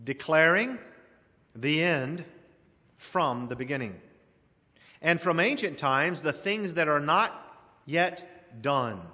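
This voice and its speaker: A man preaching an expository sermon in a church sanctuary, his voice ringing through a long hall reverb. He speaks a little higher than most men, with a bright, forceful edge, and addresses the congregation emphatically as he reads the scripture. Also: lively intonation, takes it slowly, long pauses.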